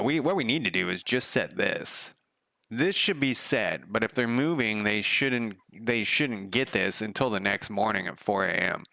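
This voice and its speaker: Gravelly, swearing streamer guy. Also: on the low side, bright, forceful tone, no room sound. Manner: profane, sardonic, rambling. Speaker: game developer streamer. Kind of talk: casual live coding commentary.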